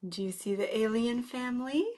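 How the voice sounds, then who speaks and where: A woman librarian, visiting as a guest, brings a picture book to life for kids at story time with gasps, questions, and a playful energy. Her pitch is a little high and her speed normal, with slight background noise audible.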